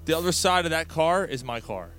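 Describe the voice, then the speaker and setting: Swearing podcast host telling a story. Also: male voice, on the high side, fairly quick, faint music behind. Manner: profane, animated storytelling.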